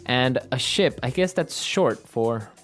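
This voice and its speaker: A man co-hosting an English lesson, explaining words clearly and slowly like a teacher. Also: medium pitch, expressive, a bit bright, faint music behind. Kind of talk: language lesson chat.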